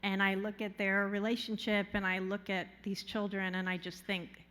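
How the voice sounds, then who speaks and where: A woman gives an earnest, measured acceptance speech at a podium in a hotel ballroom. Her pitch barely moves, staying in a steady, level line, and her humor comes through dry and understated. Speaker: award honoree giving an acceptance speech.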